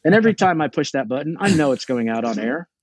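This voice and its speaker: A man's voice: on the high side, animated, fast talker, dry recording. A middle-aged man, a race director and podcast guest, chatting casually as a storyteller who restarts his sentences often. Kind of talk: casual chat.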